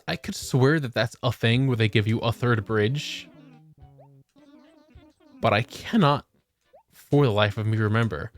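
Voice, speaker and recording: A man streams a video game and jokes around with his viewers in profane, casual banter, swearing a lot. He speaks a little slowly with long pauses in a medium-pitched voice, with no echo and soft music in the background.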